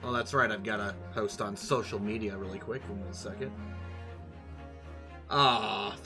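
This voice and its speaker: A man's voice: on the low side, normal speed, music in the background. A young man streaming a video game, rambling and joking playfully as he plays. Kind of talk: casual let's-play commentary.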